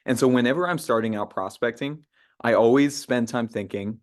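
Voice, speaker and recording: Young dude leading a sales training call, loose and conversational, lots of uhs. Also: male voice, medium pitch, normal speed. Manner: conversational, many "uh" fillers and restarts, acts out sample phone lines. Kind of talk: casual team training talk.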